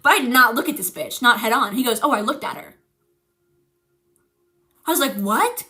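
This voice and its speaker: Young woman, high voice, bright tone, animated swearing storyteller, teary-eyed, streaming mic. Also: normal speed. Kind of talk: casual chat, storytelling.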